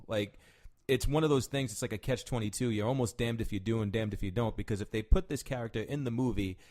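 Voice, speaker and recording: A man's voice: medium pitch, fast talker, hardly any pauses, darkish tone. A man co-hosting a casual podcast, talking animatedly and swearing, with lots of "right?" tag questions. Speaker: podcast co-host. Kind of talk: casual chat.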